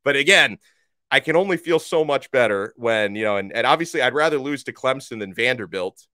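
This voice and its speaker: A man's voice: medium pitch, lively intonation, a little fast, bright, forceful tone, dry recording, studio quality. A man hosting a sports podcast, reading listener tweets aloud and reacting frankly in a casual, chatty way. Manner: frank, conversational, reacts with laughs. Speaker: podcast host.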